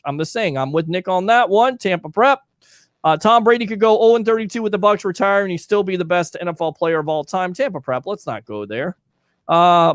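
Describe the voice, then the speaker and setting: A man's voice: sits high, no room sound. A man hosting a live sports talk show, reading listener comments aloud and bantering with his co-host. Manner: animated, reads listener comments, jokey banter. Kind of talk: casual live call-in sports chat.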